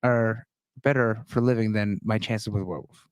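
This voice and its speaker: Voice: medium pitch, fairly even intonation, moderate pace, clear, resonant tone, dry recording. A podcast co-host in casual chat, arguing points with stammered restarts.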